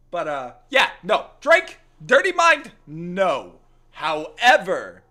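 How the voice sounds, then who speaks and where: High bright voiced streamer dude joking around with chat, slipping fake accent. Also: male voice. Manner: joking, teasing banter with chat; playful put-on accent that keeps slipping. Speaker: gaming streamer. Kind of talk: casual live-stream chat.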